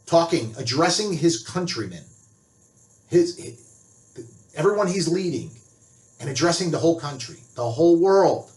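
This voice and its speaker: A man's voice: a little high, a bit bright. An older man lets loose an angry, heavily profane rant, his slightly raised voice carrying a furious edge. The sound rings around a roomy, echoey space. He is from the United States and talks straight to his viewers. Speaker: biker author vlogger. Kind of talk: ranting monologue. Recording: roomy echo.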